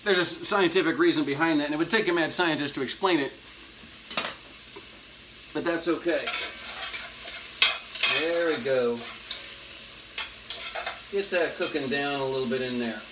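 A man's voice: on the high side, moderate pace, long pauses, noisy background. A man hosting a casual cooking demonstration in a kitchen, talking in a folksy, jokey way with hip slang. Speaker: horror movie host doing a cooking segment. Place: home kitchen at the stove. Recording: loud sizzling and frying in the background.

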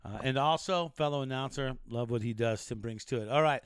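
A man's voice: mid-range voice, fairly quick, clean tone, no room sound, clean studio sound. A man hosting a casual show, joking and rambling through odd news stories with restarts. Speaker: show host.

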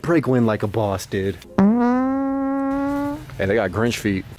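A young man vlogging as he hunts for vintage clothes, joking around, reacting to finds with sudden excited exclamations. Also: lowish voice, slow pace, faint music behind. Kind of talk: casual running commentary while thrifting.

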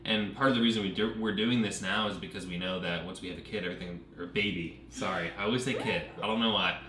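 Deep easygoing young man, off-mic. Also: fairly even intonation, fast talker, echoey room, recorded from a distance, noisy background. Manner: easygoing, reassuring. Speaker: co-host of a couple's channel. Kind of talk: casual live Q&A chat.

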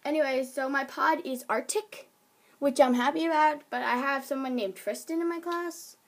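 A woman's voice: high-pitched, moderate pace. Chatty, giggly teenage girl vlogger. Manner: chatty, giggly, jumps between topics. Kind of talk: casual vlog chat.

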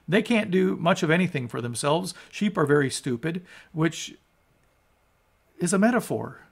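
A man's voice: fairly high pitch, expressive, moderate pace, gravelly. A man preaching a sermon as a pastor, emphatic and conversational, asking his listeners rhetorical questions. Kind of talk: sermon on scripture.

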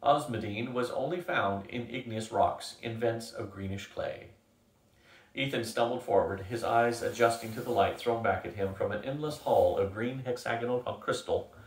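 A man's voice: medium pitch, moderate pace. Older man reading a novel aloud. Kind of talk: book reading. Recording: echoey room, from a distance.

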